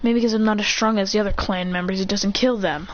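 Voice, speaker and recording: A woman voicing a cocky, overpowered young male ninja who calls his attacks in a low hush. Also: fairly even intonation, quick pace, natural voice. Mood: smug. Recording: dull lo-fi sound with faint hiss.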